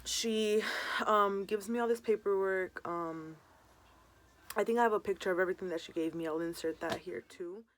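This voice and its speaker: A woman's voice: mid-range voice, moderate pace, a little hiss or hum. A young woman vlogger telling a personal story in a casual storytime, full of "um" and "like". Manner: chatty, many fillers like "um" and "like".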